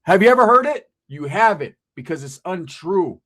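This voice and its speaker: A Southern California man hosts his channel with a blunt, emphatic monologue to camera, packed with street slang and swearing. His voice is high and sing-song, fairly bright, at a moderate pace.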